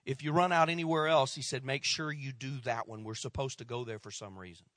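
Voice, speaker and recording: A middle-aged male pastor telling a story in a sermon, acting out the people he quotes and dropping to a hush at tense moments. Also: mid-range voice, fairly quick, dry recording, studio quality. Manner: animated storyteller, acts out quoted voices, drops to hushed tones.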